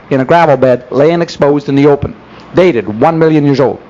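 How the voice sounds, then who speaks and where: A man's voice: on the high side, expressive, quick pace, darkish tone, dull audio. A man giving a folksy, sarcastic church lecture, full of rhetorical questions, on an old 1970s tape. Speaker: speaker.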